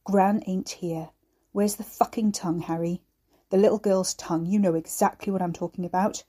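A resentful young man with a monstrous streak threatens in a gruff, grating voice, as a woman reads him. He snaps and sneers. The tone stays mellow and soft underneath the menace. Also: on the low side, fairly even intonation, normal speed. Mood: menacing. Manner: snapping, threatening.

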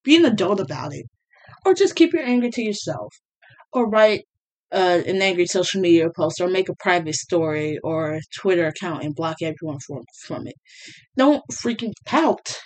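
A woman's voice: on the low side, animated, normal speed, darkish tone. A young woman ranting bluntly and sarcastically to camera as a vlogger. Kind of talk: casual rant to camera.

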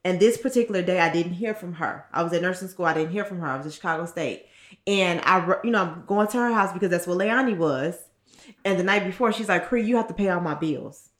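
A woman's voice: fairly low pitch, quick pace, a bit bright. A woman in her thirties, co-hosting a podcast and telling a personal story in a candid, blunt way, swearing freely and acting out what others said. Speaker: podcast co-host. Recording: roomy echo.

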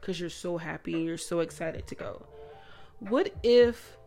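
A woman's voice: fairly low pitch, a little slow, mellow, faint music behind. Woman musing aloud on her podcast. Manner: reflective, rhetorical questions, self-deprecating laughs. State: emotional, voice breaking. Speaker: podcast host. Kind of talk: casual solo podcast monologue.

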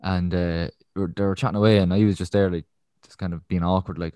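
A man's voice: sits low, fast talker, no echo, clean studio sound. Irish man telling a story. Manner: animated storyteller, laughs often. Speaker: podcast co-host. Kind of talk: casual chat.

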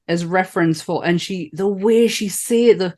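A woman's voice: fairly low pitch, normal speed. A woman co-hosting a podcast about films, chatting casually, swearing freely and laughing between points. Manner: animated, sweary, laughs often. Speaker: podcast co-host. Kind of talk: casual film chat.

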